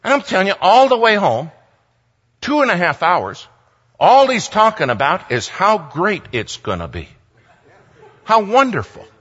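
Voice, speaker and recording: A man giving a sermon as a story, animated, humorous and conversational. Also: sits high, a little slow, long pauses, slightly rough. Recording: dull sound, long hall reverb.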